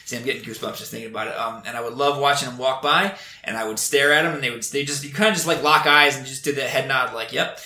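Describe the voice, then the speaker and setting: A man's voice: medium pitch, fast, hardly any pauses, pushed and bright, echoey room. A man in casual conversation, telling earnest stories about training recruits, with frequent restarts. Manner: earnest, storytelling, many restarts. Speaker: Air Force instructor.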